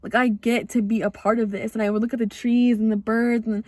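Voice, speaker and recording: A woman's voice: on the high side, little pitch movement, fairly quick, darkish tone, no room sound. A young woman with an American accent hosting a podcast, telling a personal story in a rambling, earnest way with lots of "like" fillers. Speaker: podcast host.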